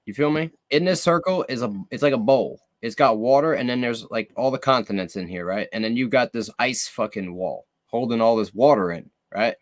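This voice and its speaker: A man's voice: medium pitch, a little fast, hardly any pauses, no room sound. Man, profane casual chat, emphatic, keeps asking "you know what I mean", dry close sound. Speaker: podcast co-host.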